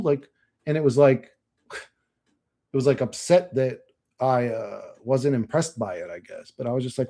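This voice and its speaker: A man's voice: medium pitch, moderate pace, warm tone. A young man streaming live, chatting casually and bluntly, cursing often and laughing at chat.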